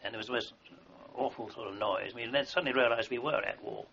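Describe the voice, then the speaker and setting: Older man, bright tense voice, dull recording. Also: mid-range voice, fairly quick, vocal fry, a little hiss or hum. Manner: rambling anecdotal storytelling with many fillers and restarts. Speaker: interviewee, army veteran. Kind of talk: oral history recollection.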